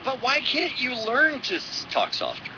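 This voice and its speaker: A man co-hosting a radio call-in show, mocking callers with quick jabs and frequent laughs. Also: extremely high pitch, wildly swooping pitch, lo-fi sound, noisy background.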